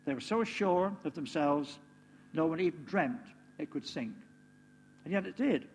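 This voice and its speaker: A man's voice: a little high, expressive, unhurried, vocal fry. A man giving a conversational sermon to a congregation, often turning to them with questions like "didn't they?". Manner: conversational, asks the listeners tag questions. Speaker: preacher. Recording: reverberant hall, faint hum.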